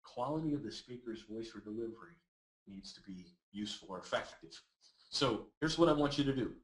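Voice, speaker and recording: Male webinar presenter and voice coach, average pitch, energetic and coaxing; echoey room audio. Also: a little fast. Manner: energetic and encouraging, reads audience comments aloud. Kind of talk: live webinar teaching.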